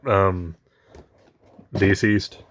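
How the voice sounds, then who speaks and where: A man's voice: low voice, little pitch movement, drawn-out words, a bit bright, a little hiss or hum. A man chatting casually while unboxing collectible toys, rambling with many fillers, his voice shaky with emotion. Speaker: toy collector vlogger.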